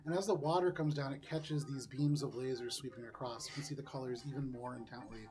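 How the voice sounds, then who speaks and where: A man's voice: medium pitch, steady tone, fast talker, darkish tone. A young man narrating a tabletop game as game master, easygoing and descriptive, with many fillers.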